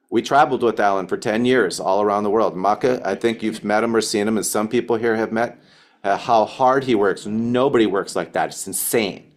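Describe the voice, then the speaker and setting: A man giving a motivational talk to his sales team, telling a story with lively quoted dialogue. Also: a little fast. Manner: animated storytelling, acting out quotes in higher voice.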